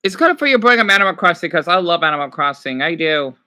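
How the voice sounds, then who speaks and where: Animated, bright-voiced young man streamer. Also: fairly high pitch, fast, clear, resonant tone. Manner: animated, exclaiming, talking back to chat. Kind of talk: casual reactive chat, reading quiz questions aloud.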